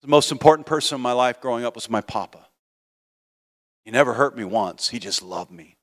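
A man's voice: medium pitch, animated, fairly quick. Older man preaching in a reverberant church. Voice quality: earnest storytelling, swelling to loud emphatic appeals. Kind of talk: sermon with personal testimony. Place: church sanctuary. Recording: long hall reverb in a church.

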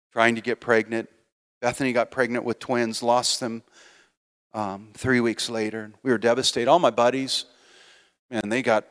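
An older male preacher delivers a heartfelt sermon in a church sanctuary, moving from quiet personal storytelling to loud, emphatic calls to faith. His voice sits at an ordinary middle pitch. The sound carries a long, lingering reverb from the hall. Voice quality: earnest storytelling, swelling to loud emphatic appeals.

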